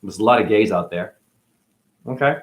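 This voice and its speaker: A man's voice: lowish voice, moderate pace. A man acting as a spiritual teacher, talking through a rambling monologue with free-associating wordplay and musing asides.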